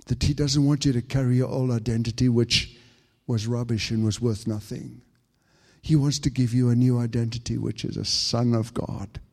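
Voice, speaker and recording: A man preaching a fervent sermon to a congregation, stumbling over restarts as he builds to high, excited peaks. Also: long reverb tail. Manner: frequent stammered restarts.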